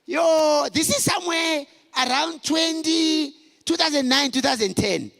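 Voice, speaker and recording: A middle-aged man speaks to a conference hall in a high, gravelly voice. He tells his stories with lively swings in pitch and bursts of shouting. Long hall reverb hangs on every word. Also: unhurried. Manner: animated storytelling, shouting for emphasis. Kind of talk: motivational talk to men.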